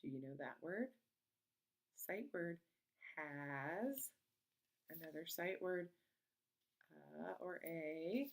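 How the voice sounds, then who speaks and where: A woman teacher giving a slow, patient and encouraging lesson to young children from home. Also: on the low side, lively intonation. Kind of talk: remote early-grade lesson.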